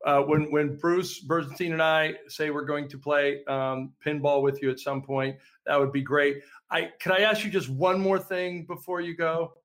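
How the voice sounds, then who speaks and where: Slightly high-voiced man hosting a chat. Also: level tone, normal speed, hardly any pauses, a bit bright. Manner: playful, laughs easily, hesitant fillers. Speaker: podcast host. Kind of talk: casual interview.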